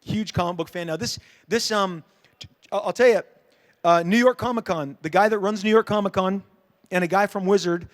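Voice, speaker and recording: A middle-aged man on a convention panel, a comic creator, tells a story fairly quickly in a high voice. It's casual and rambling, packed with fillers and restarts, and he acts out everyone he quotes.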